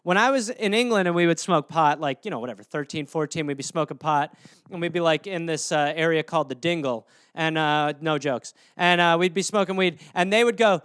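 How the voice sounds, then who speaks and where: A man hosting a comedy show, riffing casually in an animated, profane way. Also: fairly high pitch, a little fast, smooth, no room sound, studio quality. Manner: animated, profane, jumps into voices. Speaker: comedy podcast host.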